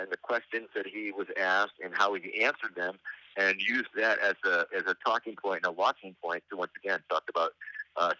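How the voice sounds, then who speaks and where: A middle-aged man tells stories in a loose, halting ramble, full of dry, wry asides. His voice sits fairly low but rings very bright and forceful. The sound is dry, with no room in it. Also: no echo, rough recording. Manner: meandering, halting delivery with frequent hesitations. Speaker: interview guest. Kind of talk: casual anecdotal storytelling.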